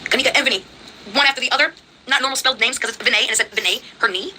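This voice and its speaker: Excitable high bright woman. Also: rapid-fire, slight background noise, low-quality recording. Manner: excitable, gasping, exclaiming. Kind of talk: spirit box session.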